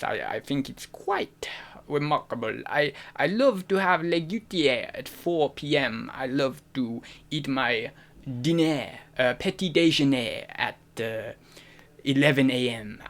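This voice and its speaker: A pompous French aristocrat drawls slowly and softly, almost whispering, as a man puts him on. He sounds dreamy and indulgent and savours each word. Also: medium pitch, gravelly. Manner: slow, hushed, half-whispered.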